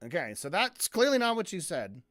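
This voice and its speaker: A man giving sarcastic, profane commentary as a streamer reacting to a video, with lots of halting restarts. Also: sits high, wildly swooping pitch, fairly bright tone. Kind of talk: casual commentary.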